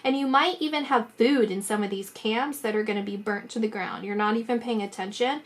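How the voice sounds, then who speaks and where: A woman gives a psychic tarot reading, speaking to her subject in a rambling, emphatic rush. Her voice sits slightly high, and her talk is full of fillers and restarts. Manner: rambling, emphatic, talks fast with many fillers. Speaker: tarot reader.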